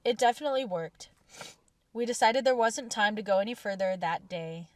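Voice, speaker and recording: Calm, reflective woman narrating. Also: medium pitch, no room sound, distant mic. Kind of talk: scripted narration voice-over.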